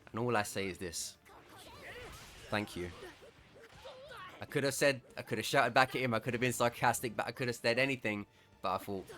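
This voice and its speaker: A man's voice: fairly low pitch, bright, forceful tone. A man casually telling an amused story over gameplay, often chuckling as he talks. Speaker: gaming content creator.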